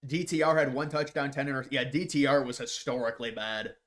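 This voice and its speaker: A man's voice: mid-range voice, steady tone, brisk, a bit bright. A man hosting a live stream, answering viewer questions in casual chat, rambling and repeating words as he starts sentences, with scornful mocking asides. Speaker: livestream host reading viewer questions.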